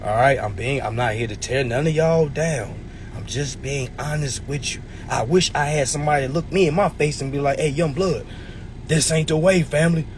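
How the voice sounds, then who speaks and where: A man's voice: mid-range voice, a little fast, a little hiss or hum. A man in his twenties hosting a livestream, giving a blunt, profane motivational talk. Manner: blunt, preachy, swearing freely. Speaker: livestream host.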